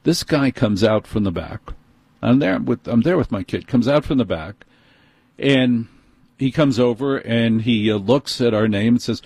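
A man's voice: mid-range voice, a little slow, gravelly, a little mellow, slightly rough, no room sound. A middle-aged man with a New York accent, hosting and telling a personal story in an exasperated, emphatic way.

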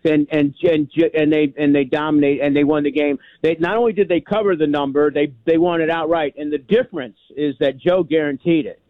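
A man's voice: on the high side, fairly even intonation, fairly quick, hardly any pauses, no echo. A man in his sixties from New York, calling in to a sports radio show and rambling emphatically, with many repeats. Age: 60s. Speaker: caller. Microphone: telephone. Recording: tinny phone line.

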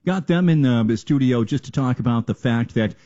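A man's voice: medium pitch, normal speed. A man hosting a radio show, enthusiastically introducing the upcoming guests. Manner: lively, enthusiastic announcing. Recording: slightly dull lo-fi audio.

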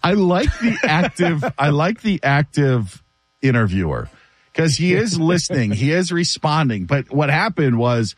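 A man hosting a sports radio show, telling stories in a casual, animated way and laughing often. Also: on the high side, measured pace, no echo.

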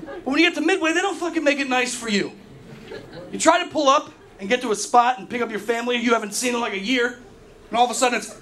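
A man in his thirties performing a stand-up comedy set, telling profane stories that break into shouted rants. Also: very high voice, fast, pauses often. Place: comedy club stage. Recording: live club recording with crowd noise. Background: audience laughter.

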